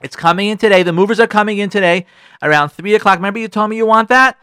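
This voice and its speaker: A man's voice: high voice, fast talker, sharp tone, smooth, pitched above the performer's own voice. A man doing an eager husband boasting of a surprise.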